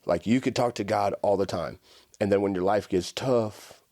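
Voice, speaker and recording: Deep-voiced man telling his story casually. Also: moderate pace, dry recording, clean studio sound. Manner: casual, animated storytelling with frequent "right?" and "like". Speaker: podcast guest. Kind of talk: conversational storytelling.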